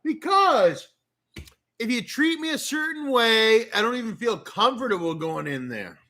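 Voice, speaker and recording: A man's voice: very high voice, expressive, measured pace, bright, forceful tone. A man with a Canadian accent telling a long, rambling story in a casual rant, swearing often and talking with a lot of animation. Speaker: streamer.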